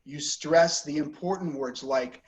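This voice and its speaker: A man's voice: a little high, a little slow, poor audio. A man teaching an online English class, patiently correcting pronunciation and sentence stress. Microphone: video call.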